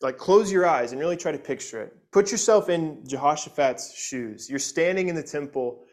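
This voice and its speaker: Male pastor, slightly high voice, earnest expository preaching, repeats words, checks in with "right?". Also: animated, normal speed. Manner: reads scripture aloud expressively. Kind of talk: expository sermon.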